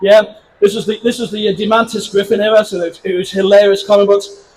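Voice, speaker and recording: An English man in his fifties with a notably high voice for a man, presenting at a convention panel. He chats with the audience and makes self-deprecating jokes. The room has faint ambient noise behind him. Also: flat delivery, quick pace, darkish tone, rough recording. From England. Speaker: comic book creator presenting a convention panel.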